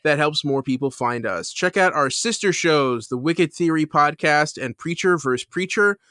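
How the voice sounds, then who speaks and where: Man, podcast co-host, casual chat, rambling with fillers, bright voice, laughs through retellings. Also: on the high side, normal speed, dry recording, clean studio sound. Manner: rambling with many fillers and restarts; laughs while retelling a scene.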